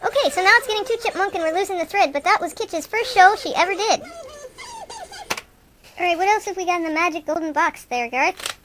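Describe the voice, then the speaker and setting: A woman's voice: very high-pitched, fairly quick, a bit bright, slight background noise. A woman hosting an improvised comic radio show, playing two goofy young male rock-fan buddies in rambling, self-mocking banter.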